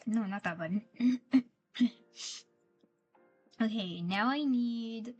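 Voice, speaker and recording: A higher-pitched woman streamer talks casually over her game, gushing and playful, tripping over and repeating her words. Soft game music plays faintly underneath. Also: takes it slowly, slightly rough, highs cut off. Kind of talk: casual gameplay commentary.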